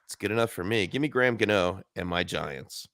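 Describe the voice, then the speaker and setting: A man's voice: low voice, lively intonation, a little fast, fairly bright tone, dry recording, clean studio sound. A man co-hosting a live fantasy football advice show, upbeat, reading listener questions aloud. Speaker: podcast co-host.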